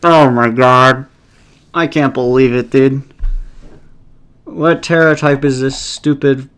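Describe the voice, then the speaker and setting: A man's voice: medium pitch, steady tone, slow pace, fairly bright tone, clear, resonant tone. A man giving casual, rambling live commentary while playing a competitive game, thinking aloud and swearing often out of exasperation.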